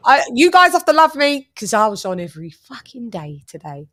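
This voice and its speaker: A young British woman chats easily on her own boxing livestream, reading out viewers' comments and laughing along with them. Her voice sits at a middle pitch for a woman, relaxed and conversational. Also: measured pace, few pauses. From United Kingdom. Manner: chatty, laughing, shouting out viewers.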